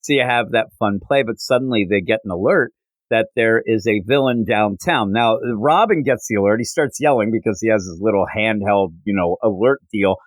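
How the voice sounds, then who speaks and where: A man hosting a podcast, casually recapping a comic book issue in an animated way with frequent fillers. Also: fairly low pitch, brisk, dry recording, low-quality recording. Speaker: podcast host.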